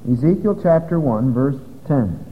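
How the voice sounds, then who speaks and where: Lively man teaching Bible study. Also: medium pitch, slow, a little hiss or hum. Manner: conversational, explains step by step. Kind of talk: evening Bible study lecture. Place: hall with a live audience. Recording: dull lo-fi recording with long hall reverb.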